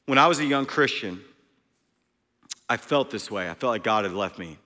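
A male preacher delivering a sermon, emphatic, swinging between loud and hushed delivery. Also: fairly low pitch, lively intonation, normal speed, long reverb tail.

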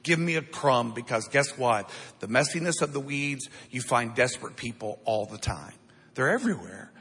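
Male pastor mid-sermon, husky tone, church-hall echo. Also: medium pitch, animated, normal speed, fairly bright tone. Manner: preaching with call-and-response. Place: church sanctuary. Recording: long hall reverb.

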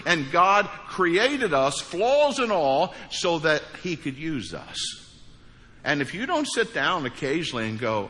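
A man's voice: medium pitch, big pitch swings, moderate pace, pushed and bright. Emphatic preaching man in a hall. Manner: emphatic preaching with sudden rises and drops. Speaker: pastor. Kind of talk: sermon. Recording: reverberant hall.

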